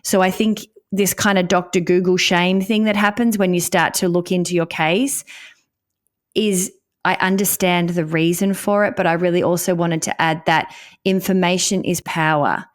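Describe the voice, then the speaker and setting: A woman's voice: lowish voice, fairly even intonation, moderate pace. A woman hosting a podcast conversation, speaking in an earnest, advocating way. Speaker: podcast host.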